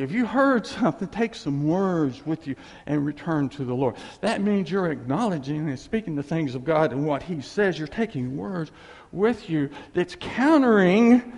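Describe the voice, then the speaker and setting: A preacher delivers a folksy sermon in a high, lively, gravelly voice with a husky edge. His words ring out with a long, echoing reverb. He keeps it animated and chatty, dropping in laughing asides. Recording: echoey hall with long reverb.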